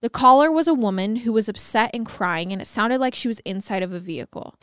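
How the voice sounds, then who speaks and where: A woman's voice: a little high, brisk, background noise. A woman co-hosting a podcast, narrating a true-crime case in a conversational way with wry asides. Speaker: podcast co-host.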